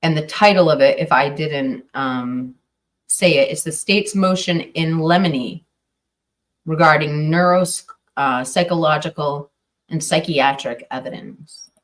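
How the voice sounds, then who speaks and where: A woman's voice: low-pitched, measured pace, recorded from a distance. A woman commenting casually on a livestream, hesitant and full of fillers and restarts. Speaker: true crime streamer.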